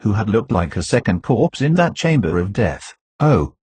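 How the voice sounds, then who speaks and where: Male narrator, classic novel reading, low voice, husky tone, dry close sound. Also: dry recording. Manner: steady, measured reading. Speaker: audiobook narrator.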